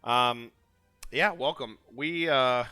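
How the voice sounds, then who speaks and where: A man hosting a casual gaming live stream, energetic and hyping up his chat. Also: mid-range voice, takes it slowly, over music. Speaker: stream host.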